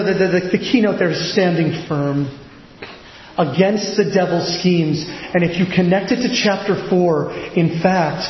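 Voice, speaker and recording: A man preaching a sermon, animated and pressing his points with rhetorical questions. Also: fairly high pitch. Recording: echoey hall, dull lo-fi sound with faint noise.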